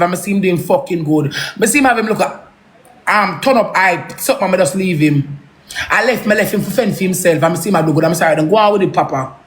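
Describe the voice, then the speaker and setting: A woman's voice: lowish voice, fast talker. A woman with a Jamaican accent, ranting angrily, swearing and repeating herself in a heated live rant. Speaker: social media personality.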